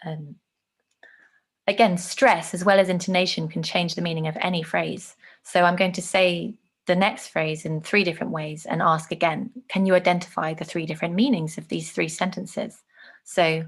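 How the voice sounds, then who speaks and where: A woman teaching an online lesson, explaining clearly and showing examples with her own voice. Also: lowish voice, steady tone, moderate pace.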